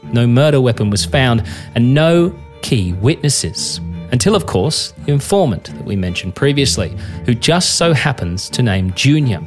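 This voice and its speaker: A man narrates a podcast from a script, with a measured, even delivery in a mid-range voice. Faint guitar music plays behind him. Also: medium pitch. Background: soft guitar music.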